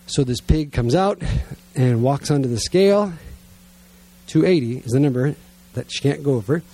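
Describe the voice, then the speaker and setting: A middle-aged man preaching to a gathered congregation, telling a self-mocking family story in a lively way and then praying quietly and earnestly. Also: mid-range voice, normal speed, husky. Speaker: pastor. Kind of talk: sermon storytelling and prayer. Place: church gathering with listeners present.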